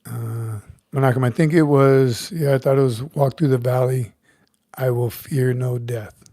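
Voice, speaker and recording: Middle-aged male host, easygoing and chatty, mellow voice with a dry, close sound. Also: medium pitch, measured pace, dry recording. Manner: relaxed, chatty, chuckles often, greets viewers by name. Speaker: livestream host, retired Marine sergeant major. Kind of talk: casual livestream chat reading comments.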